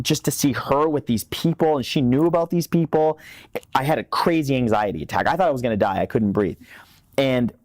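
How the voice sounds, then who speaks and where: A man's voice: mid-range voice, a little mellow, no room sound, studio quality. Earnest man in his thirties. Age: 30s. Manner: earnest, emphatic, repeats words when stressing a point. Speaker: guest. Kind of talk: candid interview talk.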